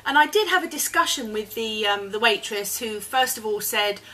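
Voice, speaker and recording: A woman's voice: on the high side, lively intonation, normal speed, sharp tone, slight background noise, rough recording. A woman guest chatting earnestly as an eco campaigner, laughing often, recorded at a home dining table. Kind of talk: casual chat. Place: home dining room, indoors.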